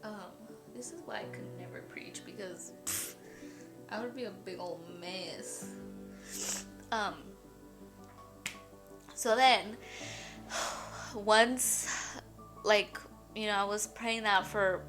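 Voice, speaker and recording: A woman's voice: mid-range voice, slow pace, long pauses, over loud music. A young woman sharing an emotional faith testimony in a rambling, chatty way, shaky and near tears at times. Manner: tearful, breaks into shaky laughs and crying; rambling, full of "like" and "you guys". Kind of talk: emotional personal testimony vlog.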